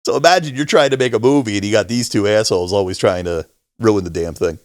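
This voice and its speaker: A man's voice: fast, no room sound, clean studio sound. A middle-aged man co-hosting a casual podcast, telling a story and acting out other people's lines with big jumps in his voice. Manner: animated storyteller, acts out quotes with big pitch jumps. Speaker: podcast co-host. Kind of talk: casual chat.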